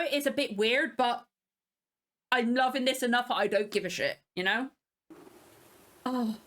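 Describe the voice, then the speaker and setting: A woman hosting a reaction video, excitedly gushing with nostalgia in casual commentary. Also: high voice.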